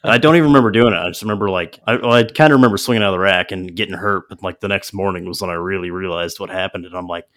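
A man with a very deep voice, co-hosting a casual podcast. He often chuckles and trips over quick restarts as he tells his side. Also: a bit bright. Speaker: podcast co-host. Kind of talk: casual chat.

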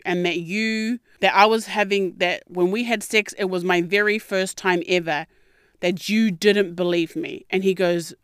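In a clean, dry studio recording, a young adult woman hosting a podcast recounts something from her own life. Her delivery is candid and expressive, full of swearing and acted-out quotes, in a casual monologue with a medium-pitched, clean-toned voice.

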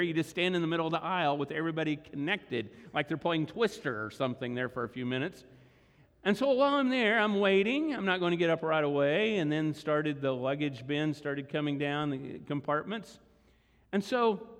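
Man, pastor, sermon storytelling, fairly high voice, long reverb. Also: fairly bright tone. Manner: conversational, vivid storytelling with asides to the congregation. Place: large church hall.

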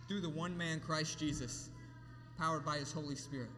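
A man delivers a sermon from a church platform, his voice high and bright. He swings between emphatic, rising lines and quiet, hushed ones. A long hall reverb trails behind every phrase. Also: fairly even intonation, normal speed. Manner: emphatic preaching with sweeping rises and hushed drops. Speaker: pastor.

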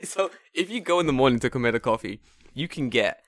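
A man co-hosting a casual podcast, telling stories with lots of swearing and leaping into high mock voices when he quotes himself. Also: animated, fast talker, a bit bright, no room sound, clean studio sound. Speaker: podcast co-host. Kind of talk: casual chat.

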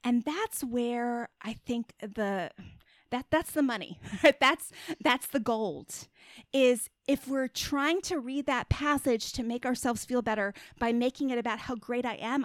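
A middle-aged woman with a slightly high voice talks as a guest on a casual podcast. She is chatty and earnest and scatters fillers and tag questions through her sentences. The recording is dry, with no room sound around her. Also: lively intonation, measured pace, no room sound. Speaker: guest author and Christian body image coach.

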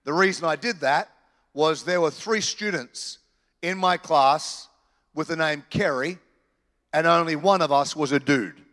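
A man preaching a sermon in church, animated and joking with the congregation. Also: on the high side, unhurried, in a large hall. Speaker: pastor. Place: church hall.

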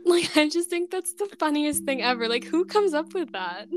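A fairly high-voiced young woman reads an old folk tale with playful, animated voices for each character. Music plays clearly underneath her. Between the reading she chats loosely and laughs easily. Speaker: podcast co-host. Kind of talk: reading a folk tale aloud, then casual chat.

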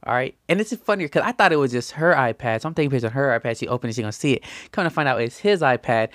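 A man's voice: lively intonation, racing, fairly bright tone, dry recording. Young guy rambling thru a story, slangy, keeps saying right, dry close sound. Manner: pitch jumps high when quoting himself. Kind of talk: casual anecdote.

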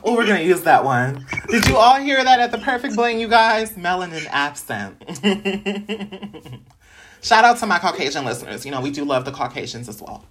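A woman hosting a casual podcast conversation, expressive and playful, acting out the voices of people she describes. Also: mid-range voice, moderate pace, a little hiss or hum. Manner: expressive, playful asides, acts out quoted people. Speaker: podcast host.

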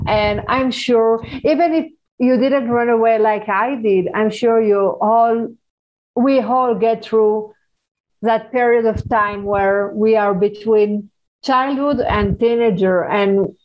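A middle-aged woman whose first language is Hebrew, speaking as a guest author in an interview, earnest and halting with frequent restarts. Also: a little high, steady tone, lo-fi sound. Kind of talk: conversational interview.

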